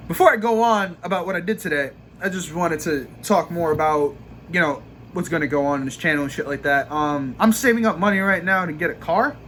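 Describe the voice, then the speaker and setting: With a New York accent, a young adult from Brooklyn casually unloads about his vlogging job, swearing and ranting in quick bursts. His voice is slightly high with a fairly bright tone, and some background noise can be heard.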